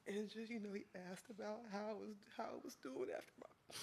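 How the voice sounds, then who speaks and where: A man speaks through tears at a funeral, his high voice catching and breaking as he stumbles through a eulogy. His delivery is halting and full of fillers, with a gravelly edge, and a faint hiss sits under the recording. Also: fairly even intonation, a little mellow. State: tearful, voice breaking. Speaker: family friend giving a eulogy.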